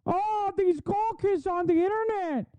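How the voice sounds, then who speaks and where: A man putting on a mocking, exaggerated folksy Midwestern woman with a high, shrill caricature voice. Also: a little slow, no room sound. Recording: phone-like thin audio, dry.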